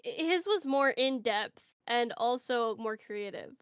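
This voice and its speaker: A woman hosting a casual comedy game, easygoing and quick to giggle as she judges the rounds. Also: fairly high pitch, animated, clear, resonant tone, no room sound, studio quality. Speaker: host.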